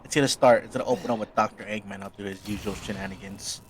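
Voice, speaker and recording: A man's voice: lowish voice, fairly even intonation, fast talker, noisy background. Giggly young man rambling through a story. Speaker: host. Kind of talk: casual gaming chat.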